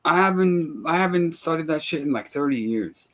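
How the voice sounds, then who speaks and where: A man's voice: fairly high pitch, lively intonation, normal speed, a bit bright. A middle-aged man chatting on a livestream as a guest, blunt and joking, with casual swearing.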